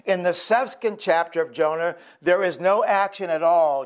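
A man's voice: on the high side, normal speed, few pauses. A male pastor preaching a sermon in an earnest, conversational storytelling way.

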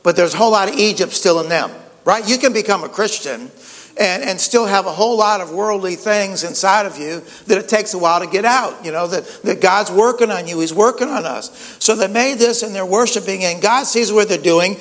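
A man's voice: sits high, brisk, fairly bright tone, in a large hall. A pastor preaching a conversational sermon, often repeating words and saying "you know" as he goes.

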